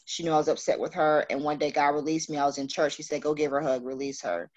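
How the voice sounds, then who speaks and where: A woman in casual podcast chat, telling a personal story with animated delivery and acting out the voices in it. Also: low-pitched, fast talker. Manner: animated storyteller, acts out dialogue. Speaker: guest sharing a story.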